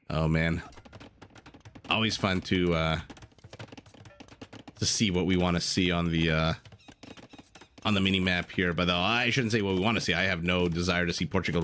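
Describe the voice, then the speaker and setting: A man casting a strategy game on a livestream. He talks in a chatty, joking way and answers his chat between calls of the play. His voice sits on the low side, with a little faint noise behind it. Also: fairly bright tone. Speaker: game caster. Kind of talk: live esports commentary.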